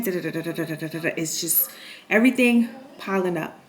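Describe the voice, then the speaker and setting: A woman's voice: lowish voice, a little fast. A woman candidly retelling a painful personal story in a vlog, emotional and dramatic. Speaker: nurse telling a personal story.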